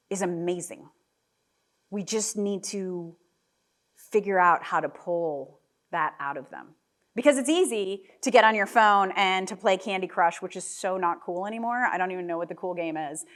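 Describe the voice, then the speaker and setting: A woman in her thirties telling a candid, jokey story to a live audience, with asides to the crowd. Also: mid-range voice. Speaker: guest speaker. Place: event hall with a live audience.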